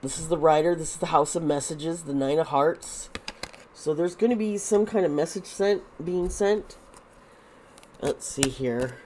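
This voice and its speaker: A woman giving a casual tarot reading, talking in a halting way and repeating her words. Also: low-pitched, a little mellow, a little hiss or hum. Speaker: tarot reader.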